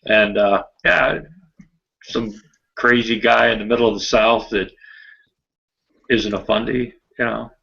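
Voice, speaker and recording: A man's voice: lowish voice, steady tone, a little slow, gravelly, pauses often, sharp tone. A man hosting a casual group video chat, talking in a chatty, crude and joking way. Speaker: podcast host. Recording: dull lo-fi video-call audio.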